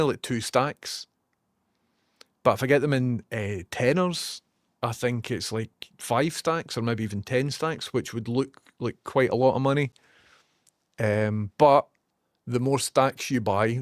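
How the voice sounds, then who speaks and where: A man's voice: medium pitch, no room sound, clean studio sound. A young Scottish man hosting a livestream, rambling casually and swearing as he reads out viewer comments. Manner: chatty, sweary, rambling asides. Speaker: livestream host.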